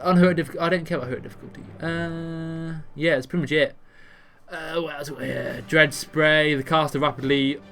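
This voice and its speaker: Guy reading raid notes out loud, kinda bright voice, faint music behind. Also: mid-range voice. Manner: offhand, stumbling over words, jokey asides. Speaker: gamer explaining a raid boss. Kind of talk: casual gameplay commentary, reading abilities aloud.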